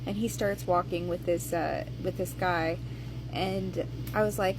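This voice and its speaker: A woman's voice: mid-range voice, fairly even intonation, normal speed, noisy background. A woman casually telling a personal travel story, hesitating at times and acting out the quoted lines. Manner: conversational retelling, with hesitations and acted-out quotes.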